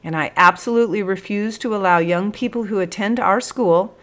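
A woman voicing a bossy male police sergeant who bellows slow, drawn-out commands in a storybook reading. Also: medium pitch, pitched above the performer's own voice, natural voice. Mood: brisk.

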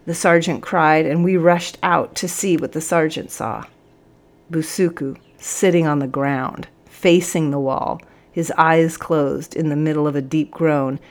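A woman narrating a storybook in the first person, in an earnest, reflective way. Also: deep voice.

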